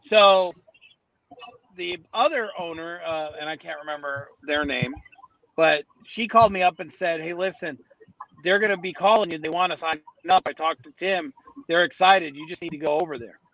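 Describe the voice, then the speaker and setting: A man's voice: on the high side, normal speed, fairly bright tone, dry recording, muffled recording. A man, a podcast guest, telling a story in a casual, rambling way, often restarting his sentences, speaking from outdoors near a city street.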